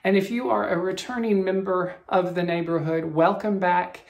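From her bedroom at home, a woman hosts a cross-stitch vlog, chatting casually with viewers in a friendly, rambling way with frequent restarts and soft laughs. Her voice is on the low side, steady, moderately paced, and has vocal fry.

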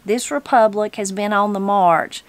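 A woman's voice: mid-range voice, fairly even intonation, unhurried, dry recording, natural voice. A woman voicing a respected, speechifying older postmaster. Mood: solemn.

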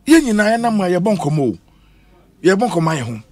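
A Ghanaian-accented man argues on a radio panel in a high voice that swings widely up and down. He speaks emphatically and moves between English and Twi. The sound is dry and close, with little room echo. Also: big pitch swings, quick pace. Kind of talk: heated radio panel discussion. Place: radio studio.

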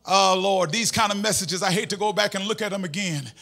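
High, fervent preaching man. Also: a little fast. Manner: impassioned preaching, shouting and half-singing phrases. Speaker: pastor. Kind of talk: sermon. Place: church.

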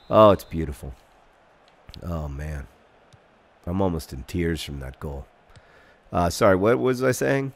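A man in his thirties hosting a casual gameplay video, rambling through asides and breaking into excited shouted commentary. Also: mid-range voice, a little slow, vocal fry, long pauses. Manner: excitable, bursts into shouted mock-epic commentary and chants; rambling, self-deprecating asides. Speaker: gaming video host.

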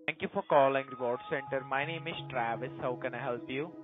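A man's voice: medium pitch, brisk. A man answering as a call center agent, then trading heated insults in broken phrasing. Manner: scripted greeting turning to angry insults. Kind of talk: heated phone argument. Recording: tinny phone line, faint music.

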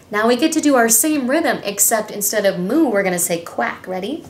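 A woman's voice: on the high side, animated, moderate pace, hardly any pauses. A woman music teacher reading a story aloud and leading a movement lesson for young children in a bubbly, encouraging way. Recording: echoey room with faint music.

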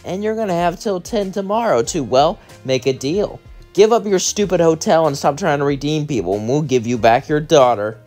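Man doing a smug kidnapper, taunting, higher voice, quiet. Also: animated, moderate pace, soft background music, lightly acted.

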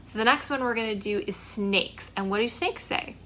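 A woman's voice: a little high, moderate pace, a bit bright, a little hiss or hum. A young woman, a children's librarian, cheerfully talking young children through a storytime.

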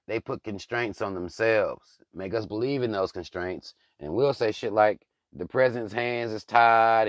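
A man's voice: deep voice, no echo, clean studio sound. A man hosting his own channel, giving blunt, profane, heated political commentary in a casual rant. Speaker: channel host.

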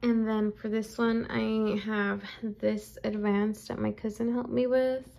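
A woman's voice: a little high, level tone, a little slow, vocal fry, darkish tone. A young adult woman vlogging casually to the camera, chatty and upbeat.

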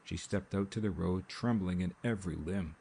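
A man narrating a mystery novel in a measured, steady audiobook reading. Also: low voice, creaky, breathy edge. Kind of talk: scripted narration. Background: rain sounds.

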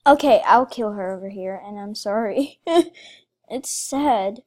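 Woman doing a let's play, kinda high voice, talks slow, gets all emotional at the viewers. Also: darkish tone. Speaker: gaming video creator.

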